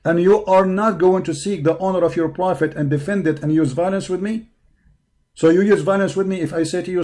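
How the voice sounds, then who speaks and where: A man with a hoarse voice hosting a live online show, delivering a heated, taunting monologue full of repeated insults and challenges. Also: high voice, brisk, mellow. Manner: taunting, confrontational, repetitive insults. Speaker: online debate show host. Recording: live stream over a poor connection.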